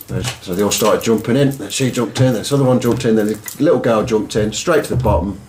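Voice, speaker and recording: A man's voice: on the low side, steady tone, brisk, few pauses, a little mellow, a little hiss or hum. A man with a Leicester accent, co-hosting a comedy podcast and telling rambling anecdotes full of crude jokes. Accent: Leicester English. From Leicester, England. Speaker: podcast co-host. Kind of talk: casual storytelling chat.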